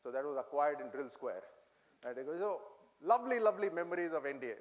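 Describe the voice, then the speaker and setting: A man's voice: on the high side, sing-song, quick pace. A middle-aged man with an Indian English accent, speaking to cadets in an auditorium, telling humorous memories and quizzing his listeners. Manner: humorous, reminiscing, quizzes the audience. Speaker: guest speaker addressing cadets. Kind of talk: anecdotal speech to an audience.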